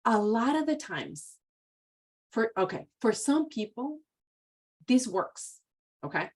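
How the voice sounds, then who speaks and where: Woman, professional training presenter, casual and chatty, somewhat high voice. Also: very animated, measured pace, long pauses. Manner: casual, full of "like" and "you know", acts out quotes. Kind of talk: conversational training talk.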